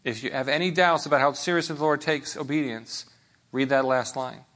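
Guy preaching a sermon, kinda high voice, chatty, keeps asking "right?". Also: a little fast, fairly bright tone. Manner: conversational, with rhetorical check-ins to listeners.

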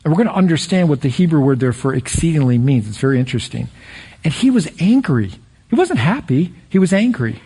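A man preaching a sermon as pastor, energetic and building to excited peaks. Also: a little high, a little fast, husky.

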